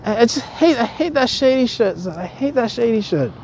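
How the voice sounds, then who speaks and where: High-voiced woman ranting angrily. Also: lively intonation, fairly quick, warm tone, muffled recording, a little hiss or hum. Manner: angry, repetitive, stammering restarts, swears constantly. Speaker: vlogger. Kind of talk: heated profane rant to camera.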